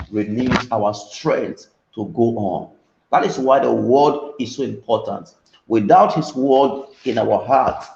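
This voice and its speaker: A man's voice: mid-range voice, a little mellow. A man preaching a sermon, reading scripture and building to emphatic repeated questions. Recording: echoey hall, muffled sound.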